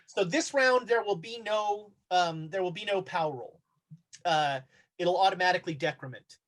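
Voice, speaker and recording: A game master narrating a tabletop horror game, halting often with fillers as he describes the scene. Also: high-pitched, a bit bright.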